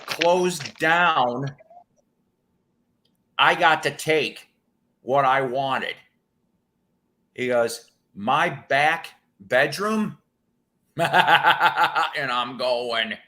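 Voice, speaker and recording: Pushed and bright, this man's mid-range voice carries a record-collecting live stream he hosts. He's from the northern United States and spins rambling, chuckle-filled anecdotes in a casual, storytelling way.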